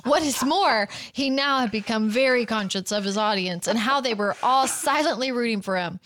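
A woman co-hosting a book podcast reads passages aloud and chats in a bubbly, giggly way. Her voice sits fairly high, and the sound is close and dry. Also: moderate pace, a bit bright, no room sound. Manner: bubbly, laughs often while reading. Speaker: podcast co-host. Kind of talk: casual book chat and reading aloud.

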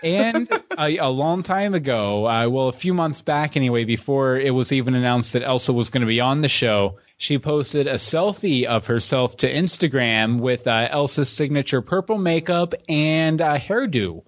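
A man's voice: medium pitch, moderate pace, hardly any pauses, no echo. A man co-hosting a podcast, chatting casually and joking, often restarting his sentences. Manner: chatty, jokey, with frequent restarts. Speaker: podcast co-host. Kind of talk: casual chat. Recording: dull lo-fi podcast audio.

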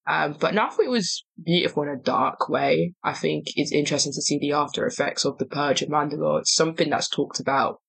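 A podcast co-host talking in a lively, emphatic, chatty way in a casual conversation. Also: mid-range voice, brisk, vocal fry, few pauses, slightly rough, no room sound, poor audio. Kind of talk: casual chat.

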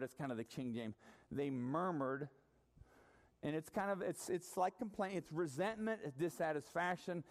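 A man preaching a sermon into a microphone, conversational and animated, with asides to the congregation. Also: medium pitch. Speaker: pastor.

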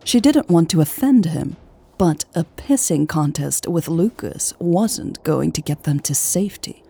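A woman reading an audiobook as its narrator, in a measured, even way. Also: low voice, gravelly, husky.

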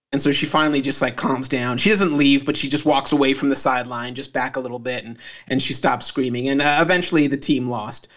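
A man with a slightly higher voice tells an anecdote on a casual comedy podcast. He rambles with fillers and restarts in an easygoing way. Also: steady tone, fairly quick, hardly any pauses, fairly bright tone. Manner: rambling with fillers, laughs at own story. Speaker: podcast co-host, parent.

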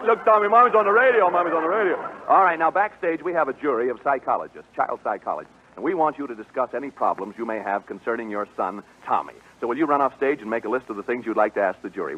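A man hosting a live radio game show before a studio audience, jovial and teasing, laughing often. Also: mid-range voice. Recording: tinny old radio broadcast with faint hiss.

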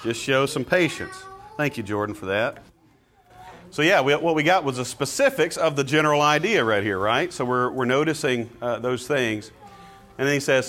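A man leads a Bible study class in a relaxed, chatty way. He pauses often with filler words and throws questions out to his students. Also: medium pitch.

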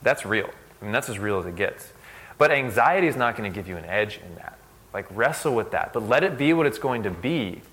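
A young man giving a casual, conversational sermon. He uses lots of "like" and tells stories in an animated way. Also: lowish voice, brisk. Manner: conversational, fillers like "like", animated storytelling. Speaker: speaker at a church service.

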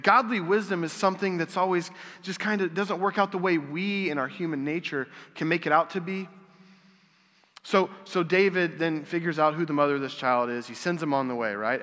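A man's voice: fairly high pitch, bright, forceful tone. A man preaching a casual, conversational sermon, asking rhetorical questions and acting out quotes. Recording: long hall reverb.

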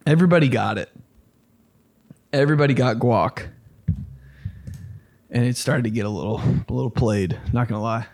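A young man holds forth on his own podcast in a loose, comic monologue. His voice sits at a middling pitch. He swears casually and wanders from tangent to tangent. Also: normal speed, long pauses. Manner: rambling, profane, animated riffing. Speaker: podcast host.

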